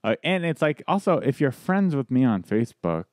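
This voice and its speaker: A man's voice: mid-range voice, big pitch swings, normal speed, a little mellow, no echo, studio quality. A man, a comedian, telling stories in a casual podcast chat, rambling with restarts and laughs. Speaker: guest comedian.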